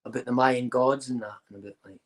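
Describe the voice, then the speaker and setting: With a mid-range voice and a quick pace, a male podcast host relates a lengthy, profane anecdote during casual chat, bringing the people in it to life with animated, acted quotes.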